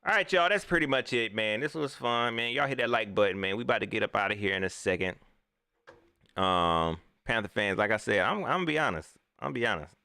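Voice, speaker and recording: A man's voice: lowish voice, quick pace, smooth, dry recording, clean studio sound. A man, giving casual, joking livestream commentary on football as a sports vlogger. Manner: animated, joking, slangy delivery.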